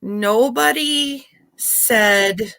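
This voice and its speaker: A woman co-hosting a podcast, chatting casually, emphatic and quick to laugh. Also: on the high side, creaky, bright, forceful tone, dry recording. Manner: giggly, emphatic. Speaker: podcast co-host. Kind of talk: casual chat.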